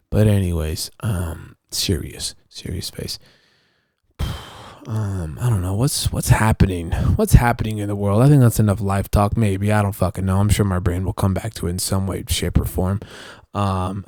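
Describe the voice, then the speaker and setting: Rambling, profane low-voiced man. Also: mellow, dry recording, studio quality. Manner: profane, rambling, many restarts. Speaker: podcast host. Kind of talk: casual rambling monologue.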